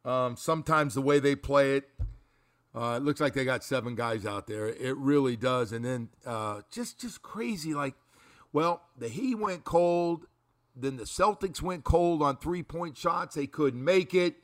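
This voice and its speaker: A man hosting a sports talk radio show, talking through a game in an animated, rambling way and repeating his words. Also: mid-range voice, unhurried.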